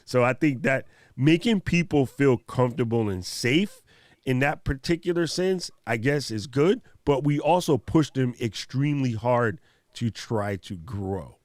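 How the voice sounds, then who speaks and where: A man's voice: mid-range voice, unhurried, no echo. A middle-aged man hosting a casual talk and telling stories in loose, slangy speech. His voice sits in an ordinary middle range, recorded dry and close. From Hawaii. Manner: animated storytelling, slangy. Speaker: host. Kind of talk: casual conversation.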